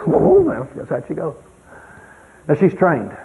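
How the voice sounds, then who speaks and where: An older man telling folksy stories with emphatic, sudden loud exclamations, heard on a tinny radio recording with long reverb. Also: fairly high pitch, huge pitch swings, takes it slowly, pauses often, a little hiss or hum. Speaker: speaker on child rearing. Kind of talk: storytelling talk.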